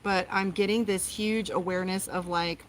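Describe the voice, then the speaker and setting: Woman, forties, tarot reader, casual live chat, animated storyteller, faint noise. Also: mid-range voice, normal speed. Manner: animated, expressive storytelling with acted-out quotes. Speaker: tarot reader and podcast host.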